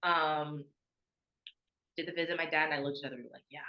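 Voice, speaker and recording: A young woman who once played college sports guests on a podcast, telling stories casually in a deep, steady voice at a quick pace. She's chatty, drops "like" constantly, and acts out what other people said, all on lo-fi audio.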